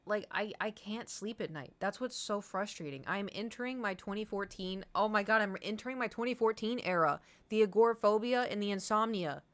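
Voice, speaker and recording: A young adult woman streaming and chatting with viewers, telling a rambling, animated story with laughs. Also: medium pitch. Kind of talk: casual chat with stream viewers.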